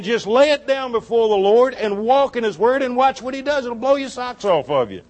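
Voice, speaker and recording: High-voiced, folksy male church storyteller. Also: moderate pace, few pauses. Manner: folksy, animated storyteller who chuckles often. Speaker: church speaker on giving. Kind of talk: storytelling sermon.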